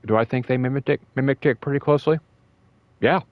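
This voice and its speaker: A young man talking in a casual, rambling way about a fighting game, emotional and excited, with many fillers and restarts. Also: mid-range voice, fast talker, no echo, phone-quality sound. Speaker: gaming video host.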